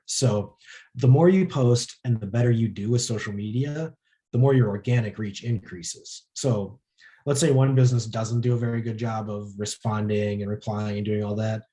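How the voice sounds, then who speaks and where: A man with a mellow, rounded voice runs an informal workshop for a small group. He talks loosely and easily, filling his sentences with casual filler words as he explains. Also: on the low side. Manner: relaxed, lots of filler words. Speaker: social media workshop presenter.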